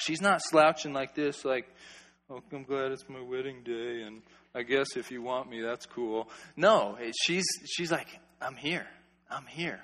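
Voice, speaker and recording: A man gives a casual, animated sermon, joking with his listeners as he walks through Bible verses. His voice is bright and forceful, and it rings out with a long reverb in a large hall. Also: medium pitch. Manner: animated, joking, conversational with filler "like". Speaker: pastor or youth preacher. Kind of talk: sermon, expository Bible teaching.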